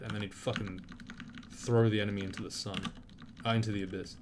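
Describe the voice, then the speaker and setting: A man's voice: lowish voice, flat delivery, a little fast, background noise. A man giving casual, profane commentary while playing a game, flaring into indignant outbursts at enemies. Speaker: gameplay commentator. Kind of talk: casual let's-play commentary. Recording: loud keyboard clicks picked up by mic.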